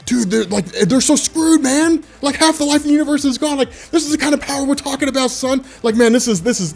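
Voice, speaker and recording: A man hosting a comic book channel, talking in excited, rambling casual commentary. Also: sits high. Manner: hyped, rambling, full of "man" and "dude".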